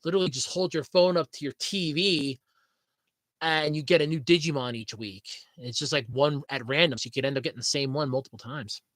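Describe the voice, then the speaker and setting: A man's voice: a little high, a little fast, fairly bright tone, no room sound. A man hosting a podcast in casual, rambling chat, swearing freely and laughing at his own jokes. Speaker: podcast host.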